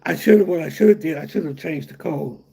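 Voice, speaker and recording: A man's voice: fairly high pitch, moderate pace, creaky, warm tone, husky. A middle-aged man hosting a casual livestream, rambling and repeating himself while answering chat comments. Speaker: livestream host.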